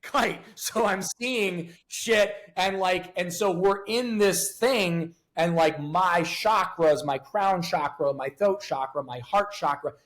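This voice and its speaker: A man's voice: high-pitched, slow pace, hardly any pauses, a bit bright. A man in his fifties speaking as a guest in a candid interview, blunt, profane and emotionally raw. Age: 50s. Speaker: podcast guest.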